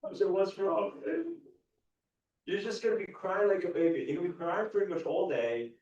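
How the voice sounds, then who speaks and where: A man giving an animated, repetitive motivational talk to a live audience, chuckling often. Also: high-pitched, normal speed. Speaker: spiritual coach. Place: large event ballroom. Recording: echoey dull hall sound from far off.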